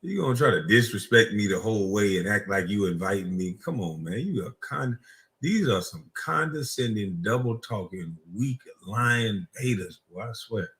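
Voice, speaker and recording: A man's voice: lowish voice, animated, moderate pace, fairly bright tone. A man with a Gullah Geechee accent from South Carolina, hosting a heated reaction stream and firing back mocking insults. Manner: mocking, combative, laughs at his own insults. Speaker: streamer host.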